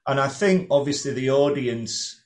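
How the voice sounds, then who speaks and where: A man's voice: medium pitch, expressive, moderate pace, roomy sound. A man hosting a podcast, asking questions and telling anecdotes in a friendly, casual way. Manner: friendly, anecdotal, frequent "yeah" backchannels. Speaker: podcast host. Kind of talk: casual interview chat.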